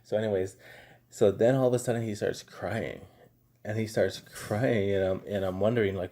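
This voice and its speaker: Math teacher, middle-aged man, low mellow husky voice, easygoing anecdotal delivery. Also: moderate pace. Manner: relaxed, chatty, tells anecdotes with lots of fillers. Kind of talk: casual classroom lesson.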